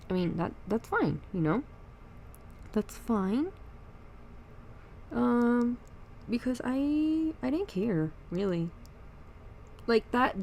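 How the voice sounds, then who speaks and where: A woman's voice: medium pitch, gravelly, a little hiss or hum. A young woman chatting while she does her makeup, telling an indignant storytime about friends at work. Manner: animated, indignant venting. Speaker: vlogger. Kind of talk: get-ready-with-me storytime chat. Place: at home doing makeup.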